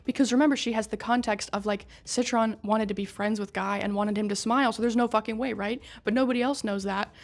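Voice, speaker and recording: A woman giving a casual, excitable recap of a story, swearing, laughing and talking back to the characters. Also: medium pitch, quick pace, few pauses.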